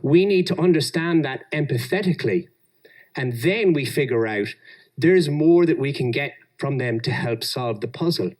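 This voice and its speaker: A man's voice: medium pitch, normal speed. An Australian man giving a talk on engineering leadership, telling workplace stories and acting out the people in them. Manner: animated, acts out quoted people. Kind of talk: storytelling conference talk.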